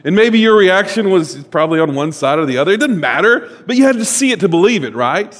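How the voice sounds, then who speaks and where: A man preaching a sermon as a pastor, animated and humorous, with sudden loud bursts and soft asides. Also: sits high, fast, big-room sound.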